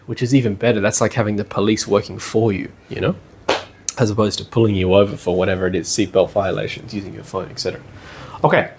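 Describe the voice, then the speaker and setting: A man teaching a class at a study centre in a relaxed, conversational way, often checking in with the room with "yeah?" and "you know". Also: medium pitch, husky. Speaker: lecturer at a spiritual study centre. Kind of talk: casual classroom lecture. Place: indoor classroom.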